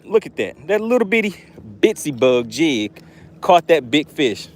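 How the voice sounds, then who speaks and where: A man hosting a live fishing stream from a boat outdoors, excitably narrating his catch and reading chat aloud. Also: on the high side, a little slow, slight background noise. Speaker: fishing livestream host.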